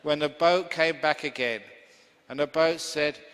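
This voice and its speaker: A Buddhist monk gives a slow, humorous dharma talk, his voice sitting a little high for a man. The recording carries long reverb from a large hall. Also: a bit bright. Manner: humorous, chatty, laughing easily.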